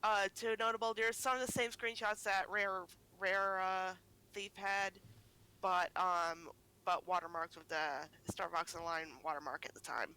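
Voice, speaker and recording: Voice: medium pitch, fairly even intonation, unhurried, sharp tone, clean tone, low-quality recording. A person in their twenties, chatting casually as a stream guest, rambling with lots of filler words. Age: 20s. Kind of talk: casual livestream chat.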